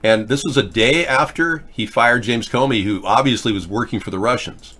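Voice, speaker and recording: Here is a man in his fifties, hosting a political talk show with an ordinary middle-pitched voice. He rambles, stops and restarts often, and fills his pauses with hesitations. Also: sharp tone, a little hiss or hum. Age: 50s. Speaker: host. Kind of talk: casual political commentary.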